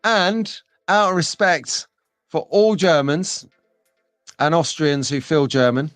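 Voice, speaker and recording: A man hosts a live stream in a loose, rambling, jokey manner, reading out viewer comments as he goes. His voice sits a little high and sounds dry and close, with faint music underneath. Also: steady tone, takes it slowly, a bit bright, dry recording. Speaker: host.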